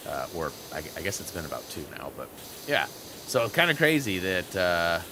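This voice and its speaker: Slight background noise sits under this man's mid-range voice as he comments on gameplay through a headset mic. An animated storyteller prone to rambling, he hosts a gaming channel and reads chat aloud between tangents.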